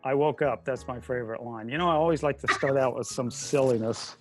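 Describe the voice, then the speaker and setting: A man's voice: mid-range voice, fairly quick, soft background music. A man hosting a casual interview over a video call, chatty and jokey, with plenty of filler words. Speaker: host.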